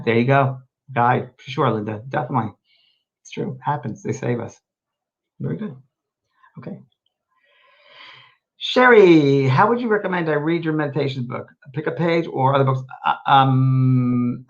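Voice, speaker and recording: Gentle rambling man on dull audio. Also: medium pitch. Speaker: host and medium. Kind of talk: casual live show answering viewer questions.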